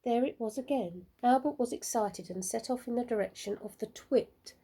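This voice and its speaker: A woman teacher reading a picture book aloud to children in a slow, expressive storytelling manner. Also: a little high, slightly rough.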